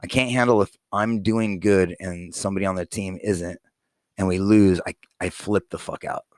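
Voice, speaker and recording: A man's voice: low-pitched, fairly even intonation, moderate pace, a little mellow, no room sound, clean studio sound. A man in his forties talking to his young daughter in a casual, heartfelt monologue, blunt and profane, rambling with many fillers. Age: 40s. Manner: blunt and profane, plain-spoken.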